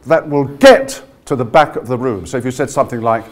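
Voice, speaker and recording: A man leading a voice workshop, coaching a live audience through breathing exercises in an energetic, encouraging way. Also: medium pitch, fairly quick. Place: conference room with a live audience. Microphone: no handheld mic, projecting to the room.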